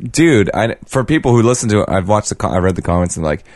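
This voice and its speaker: A man with a very deep voice, co-hosting a casual podcast chat and teasing over-excited online personalities. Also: fast talker, dry recording, studio quality. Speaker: podcast co-host.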